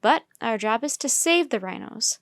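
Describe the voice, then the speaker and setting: A woman's voice: a little high, expressive, moderate pace, no room sound. A woman voicing an earnest man who works at a rhino reserve, speaking with care.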